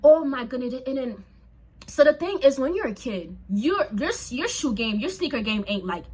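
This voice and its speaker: Husky young woman telling a story. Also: high voice, moderate pace. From Haitian family. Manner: chatty, animated, lots of "like" and asides to viewers. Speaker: storyteller vlogger. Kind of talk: casual storytime vlog.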